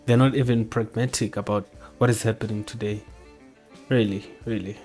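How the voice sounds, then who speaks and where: A man's voice: on the low side, fairly even intonation, normal speed, darkish tone, soft background music. A man hosting, giving casual blunt commentary and arguing back at clips. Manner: blunt, argumentative, keeps saying bro. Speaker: host.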